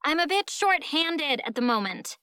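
A woman voicing a sharp-tongued teenage girl guitarist who scowls and threatens, in an audiobook. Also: sits high, very animated, moderate pace, no room sound, studio quality, pitched above the performer's own voice, heavily acted. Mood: defiant.

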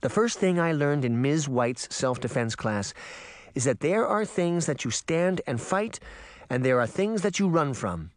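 A man narrating an audiobook with expressive, dramatic storytelling. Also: a little high, unhurried, dry recording. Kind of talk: audiobook reading.

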